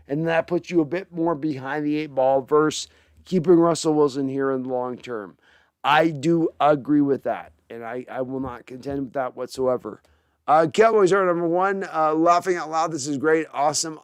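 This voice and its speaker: A man hosting a sports podcast, swearing and ranting, moving between heated shouting and low mumbling. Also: clean tone, no echo. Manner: profane, shifting from fiery shouting to low muttering. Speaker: podcast host.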